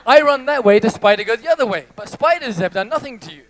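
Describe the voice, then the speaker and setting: Male motivational speaker, high voice, theatrical storyteller who works the crowd on stage. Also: lively intonation, fast, hardly any pauses, a bit bright. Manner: playful, theatrical storytelling, addresses the audience. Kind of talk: live motivational talk. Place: stage before a live audience.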